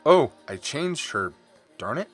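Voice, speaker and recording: Animated, rambling middle-aged man. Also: medium pitch, slow, breathy edge, soft background music. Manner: rambling, candid, apologizes for swearing. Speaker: artist streaming while drawing. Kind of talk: casual chat while drawing on stream.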